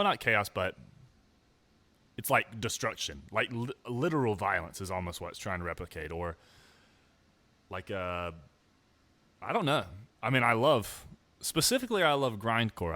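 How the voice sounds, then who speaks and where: A man's voice: lowish voice, very animated, moderate pace, long pauses, sharp tone, dry recording. Young man, casual rambling vlog monologue, self-mocking, dry close recording. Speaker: musician vlogger.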